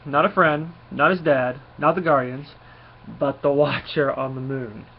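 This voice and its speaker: A man talks through a casual review in a loose, rambling way, full of small fillers and restarts. His voice sits at an ordinary middle pitch. The recording is a bit dull and lo-fi, with a faint hiss underneath. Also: measured pace, vocal fry. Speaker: comic book reviewer.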